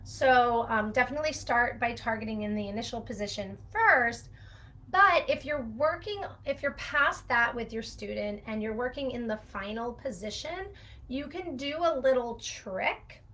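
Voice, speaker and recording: Bright, chatty woman speech therapist. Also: a little high, expressive, normal speed. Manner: chatty, rambling with fillers and laughs. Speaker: speech-language pathologist. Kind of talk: casual teaching talk to camera.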